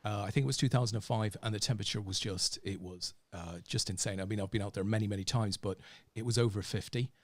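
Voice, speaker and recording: A man's voice: lowish voice, fairly even intonation, fast talker, few pauses, no room sound. A man hosting a casual poker show, joking and reading out viewer messages with many fillers. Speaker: host. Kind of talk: casual podcast chat.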